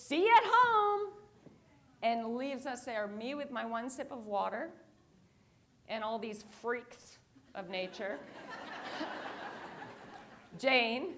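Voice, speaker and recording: A woman's voice: a little high, fairly bright tone. A woman giving a motivational talk on stage, telling a story and acting out her own reactions. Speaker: keynote speaker. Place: conference stage.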